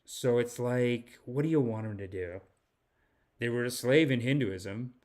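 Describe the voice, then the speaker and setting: A man hosting a comedic podcast monologue, rambling and animated, sometimes slipping into a mock spiritual-guru pitch. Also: unhurried. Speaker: podcast host.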